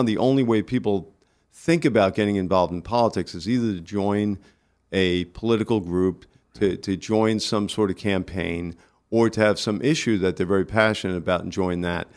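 A man with a New York accent, a guest on a casual radio interview, talking in halting bursts with many restarts. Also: on the low side. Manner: halting, restarts often, friendly. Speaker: community organizer guest.

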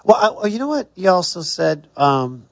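A man's voice: high-pitched, sing-song, normal speed, creaky, no echo, highs cut off. A man hosting a radio talk show in a studio, chatting casually and playfully with slang.

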